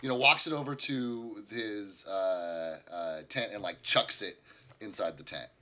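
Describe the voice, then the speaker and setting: A man with a strikingly bright, tense voice narrating a tabletop game as game master. He rambles and searches for words as he sets the scene, talking over voice chat. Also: fairly low pitch, a little slow. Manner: rambling, with many fillers.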